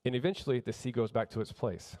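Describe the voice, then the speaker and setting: A man delivers a sermon at a mid pitch, speaking plainly from the pulpit. He grows emphatic and louder on key points, often restarting phrases as he goes. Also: quick pace. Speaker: pastor.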